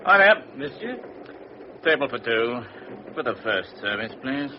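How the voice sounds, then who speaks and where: A man's voice: medium pitch, moderate pace, lightly acted. An actor playing a confident, helpful male traveler with an assured, jovial manner, in an old radio drama. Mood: breezy. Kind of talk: 1940s radio drama acting. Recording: muffled old radio recording, noisy background.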